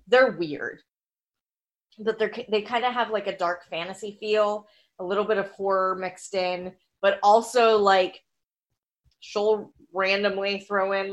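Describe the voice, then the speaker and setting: An American woman in a casual podcast chat, talkative and quick to laugh, often restarting her sentences. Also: mid-range voice. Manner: chatty, laughs easily, many restarts.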